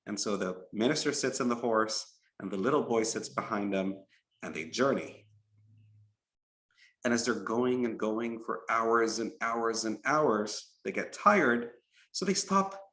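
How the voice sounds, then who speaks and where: A man narrating a moral story as a preacher, in an animated, repetitive storytelling manner. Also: mid-range voice. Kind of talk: storytelling sermon. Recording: roomy echo.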